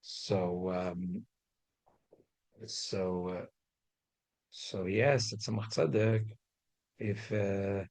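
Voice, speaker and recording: Husky man telling a lesson story. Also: low-pitched, steady tone, drawn-out words, pauses often, a little mellow, poor audio. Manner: chatty, with frequent restarts and mixed-in Hebrew and Yiddish terms. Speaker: teacher of a religious class.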